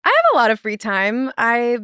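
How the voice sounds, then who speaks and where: A woman's voice: on the high side, big pitch swings, normal speed, pushed and bright, clear, resonant tone, no room sound. Chatty young woman guest, dry sound. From Tennessee. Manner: chatty, lots of "like" and restarts. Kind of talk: casual podcast interview.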